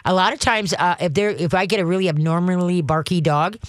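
A man hosting a call-in radio show on dogs, giving folksy, animated training advice and acting out commands. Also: high voice, brisk, no echo, studio quality.

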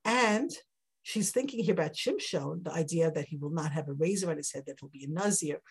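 A woman's voice: low-pitched, brisk, creaky, breathy edge. A woman teaching a Torah class in a conversational, heartfelt way. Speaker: Bible teacher.

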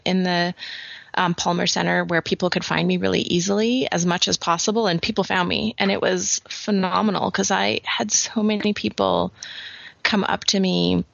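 Sick woman co-host in casual chat, hoarse and fading, gravelly low voice, muffled dry sound. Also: a bit bright, dry recording. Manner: chatty, with frequent restarts and laughs. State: losing her voice, sick. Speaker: podcast co-host.

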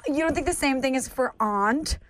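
A woman co-hosting a podcast, chatting casually and teasing her co-host in an animated way. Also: high voice, moderate pace, no echo, poor audio. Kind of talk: casual chat. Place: Saint Louis.

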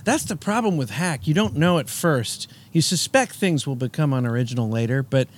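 A man's voice: on the high side, animated, normal speed. A man co-hosting a comedy podcast, riffing dryly in casual chat and acting out quoted voices.

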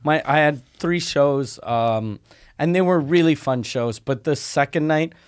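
A man's voice: a little high, unhurried, clean tone. A man telling stories on a podcast, swearing freely and laughing through the punchlines. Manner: profane, laughing storyteller. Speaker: comedian and podcast host. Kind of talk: casual podcast banter.

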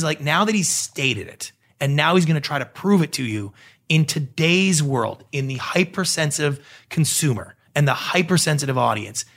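A middle-aged man, a guest on an interview, explaining ideas in a lively conversational way and acting out little quoted exchanges. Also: medium pitch. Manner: animated storyteller acting out quoted voices. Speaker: guest, TV producer and pitch coach.

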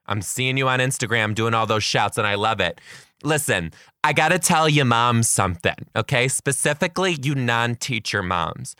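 A man hosting a comedy podcast, telling a funny classroom story and reading out supporter shout-outs in an animated, jokey way. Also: mid-range voice, normal speed, clear, resonant tone, no room sound, studio quality. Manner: animated, jokey, with voiced quotes of kids. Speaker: podcast host.

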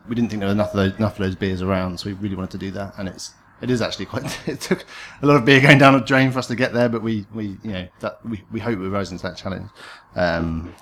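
A man who owns a brewery, explaining its approach in a measured way. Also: fairly low pitch, fairly bright tone, slight background noise. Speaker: brewery owner. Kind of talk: interview answers.

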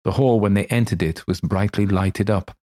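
Deep voiced guy reading an old story for a podcast, calm and measured. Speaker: podcast narrator.

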